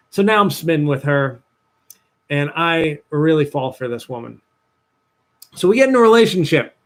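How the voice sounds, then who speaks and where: Guy, young, dating coach on a livestream, chatty storytelling, slightly high voice. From New Jersey, USA. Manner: animated storytelling, acts out his past self in a higher voice. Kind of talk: livestream talk to viewers.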